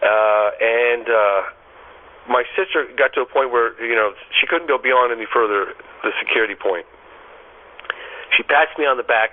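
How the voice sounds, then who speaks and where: A middle-aged man telling a story as an interview guest, animated, often stammering and repeating words. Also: medium pitch. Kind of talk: casual storytelling. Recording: tinny phone line.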